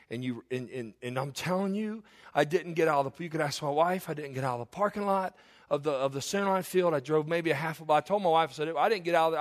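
A middle-aged man preaching in a folksy voice, a little higher than most men. He spins homespun stories with lots of restarts, asides and repeated phrases, talking straight to his congregation. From Eastern Kentucky. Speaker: pastor. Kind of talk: sermon.

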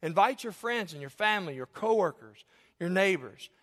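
A man preaching a sermon in a church, swinging between loud emphatic lines and quiet earnest asides. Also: high-pitched, normal speed. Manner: animated preaching, loud swells then hushed earnest asides. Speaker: pastor. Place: church sanctuary.

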